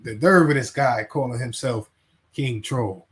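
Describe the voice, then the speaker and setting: A man's voice: mid-range voice, measured pace. A man hosting a casual livestream, rambling, laughing and reading chat names aloud. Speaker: livestream host.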